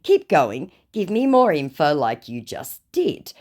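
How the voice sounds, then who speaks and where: Lively, sarcastic woman telling a story. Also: low-pitched, slow. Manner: sarcastic and mocking. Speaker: vlogger recounting scam chats. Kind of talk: storytime narration reading out chat messages.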